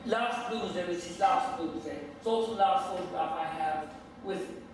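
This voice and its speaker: A man's voice: high-pitched, normal speed, slight background noise. An older man giving a theatrical, anecdote-filled speech in a council chamber. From Ireland. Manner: theatrical, animated storytelling. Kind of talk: public address with anecdotes. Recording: echoey chamber, mic far off.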